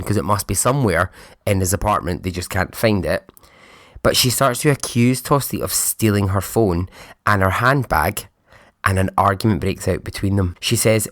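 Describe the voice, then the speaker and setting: A man's voice: fairly low pitch, dry recording, studio quality. A man hosting a podcast, telling a true crime story in a casual, blunt way and swearing often. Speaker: podcast host.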